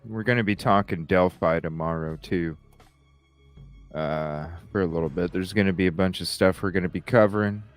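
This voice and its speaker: A man's voice: low-pitched, moderate pace, soft background music. A man hosting a live podcast, chatting casually, laughing often and swearing as he rambles. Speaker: podcast host. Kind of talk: casual live-stream chat.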